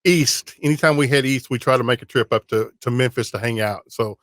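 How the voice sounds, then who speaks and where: A man's voice: mid-range voice, brisk, fairly bright tone, no echo. Easygoing man, dry close sound. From Texas. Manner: easygoing, repeats himself while talking. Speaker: podcast host. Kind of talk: casual interview.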